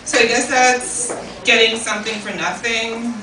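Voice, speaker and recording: Deadpan woman comic host. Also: a little high, a little slow. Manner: deadpan one-liners. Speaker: comedy show host. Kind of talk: stand-up set. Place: comedy club stage. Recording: echoey room from far off, background noise.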